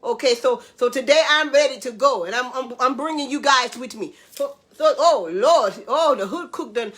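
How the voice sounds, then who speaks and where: A woman's voice: high voice, normal speed, a bit bright, husky. A woman in a casual cooking vlog, talking to her viewers in a chatty, playful way, calling them babies and honey. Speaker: cooking show host.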